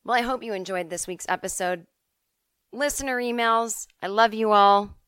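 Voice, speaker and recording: A middle-aged woman from the Boston suburbs hosting a podcast, telling stories in a casual, animated way and swearing freely. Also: mid-range voice, normal speed, clear, resonant tone, no room sound, clean studio sound. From Boston suburbs, USA. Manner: chatty, animated, swears freely, acts out quotes. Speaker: podcast host answering listener emails. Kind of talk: casual comedic storytelling.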